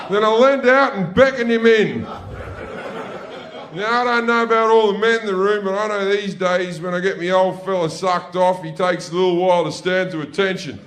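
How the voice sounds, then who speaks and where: A man's voice: high-pitched, a bit bright, a little hiss or hum. A man with an Australian accent doing profane stand-up comedy on a club stage, telling a brash story to a laughing audience.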